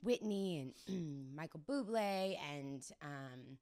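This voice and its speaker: Raspy-voiced young woman telling stories. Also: low voice, slow. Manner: animated storytelling, laughs often. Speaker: guest singer-songwriter. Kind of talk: casual interview chat.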